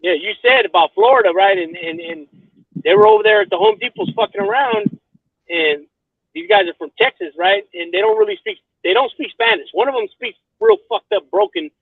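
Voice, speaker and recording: Guy w a really high gravelly voice, cussing and rambling, tinny phone sound. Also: wildly swooping pitch, fairly quick, no echo. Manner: profane, rambling, keeps asking "you know what I mean". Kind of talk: casual chat. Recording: tinny phone line, dry.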